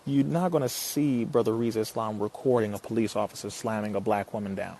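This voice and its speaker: A man's voice: lowish voice, fairly quick. Guy giving a fired-up talk, preachy, keeps asking the crowd questions, bit of hiss behind him. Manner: forceful, preacherly, rhetorical questions, rising to emphatic peaks. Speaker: speaker addressing an audience. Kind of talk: impassioned motivational talk.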